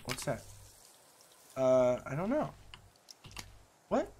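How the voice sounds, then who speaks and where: A man's voice: fairly high pitch, sing-song, fast, fairly bright tone, a little hiss or hum. A man playing a co-op game with a friend who keeps asking questions and joking. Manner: curious, asks many questions, jokey. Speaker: co-op gaming partner. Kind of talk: casual co-op gameplay chat.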